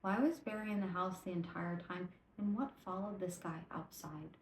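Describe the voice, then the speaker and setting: A woman hosting a casual storytelling podcast, tipsy from vodka, retelling stories in an animated, rambling way with swearing and stumbling self-corrections. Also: lowish voice, moderate pace, echoey room, rough recording. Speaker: podcast host.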